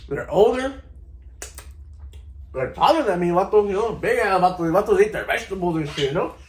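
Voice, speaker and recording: A middle-aged vlogger tells stories casually to camera, laid-back and slangy, constantly saying "you know" and "vato." His voice is high and animated, a little fast, with a roomy sound.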